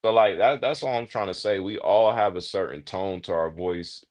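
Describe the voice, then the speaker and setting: A man's voice: low voice, moderate pace, a little mellow. A man with a Bay Area California accent, talking in an emphatic, slang-heavy casual chat as a panelist.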